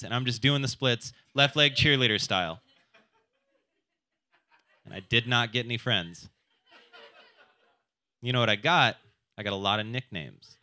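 A man's voice: mid-range voice, bright, forceful tone, no echo. A man doing a stand-up comedy set, crude and self-deprecating, who keeps jumping into quoted voices. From South Dakota.

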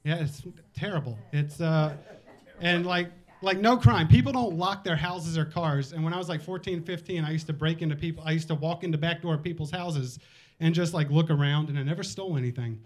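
A man's voice: fairly high pitch, a little fast, darkish tone. A man from Virginia doing a loose, self-mocking stand-up set at a bar comedy night.

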